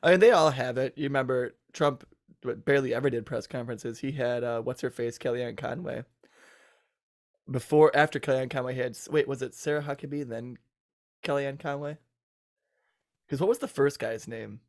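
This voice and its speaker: A man chatting casually as a podcast guest, easygoing and quick to laugh. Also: medium pitch. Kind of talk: casual chat.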